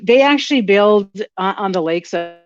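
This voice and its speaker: A woman's voice: medium pitch, lively intonation, normal speed, no room sound, highs cut off. A woman from Minnesota with a Minnesotan accent, talking casually as a podcast guest, friendly and chatty with many fillers and restarts. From Minnesota, USA. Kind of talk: casual interview chat.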